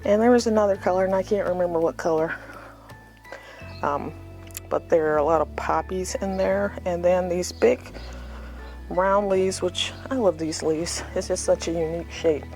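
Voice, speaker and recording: A woman's voice: lowish voice, fairly even intonation, normal speed, a little mellow, soft background music. A woman giving a casual, unscripted tour of her front yard garden, chatty and rambling with self-deprecating asides, filmed outdoors on a phone.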